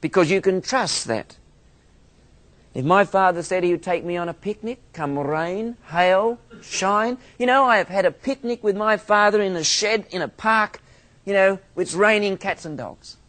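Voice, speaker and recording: Brief: Australian male minister, theology lecturer, fairly high voice, humorous storyteller. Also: moderate pace, fairly bright tone. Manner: humorous storytelling, self-mocking asides.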